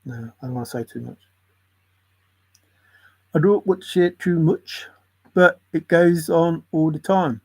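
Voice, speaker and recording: A man's voice: a little high, a little slow, pauses often, dark tone, breathy edge. A man in a casual, rambling monologue, musing in a conspiratorial tone and often chuckling. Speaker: channel host.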